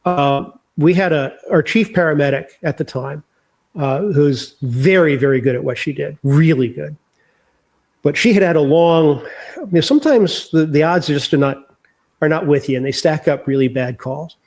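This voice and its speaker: A man's voice: fairly high pitch, moderate pace, darkish tone. An older man speaking candidly and reflectively as an interview guest, sharing his memories. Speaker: author guest.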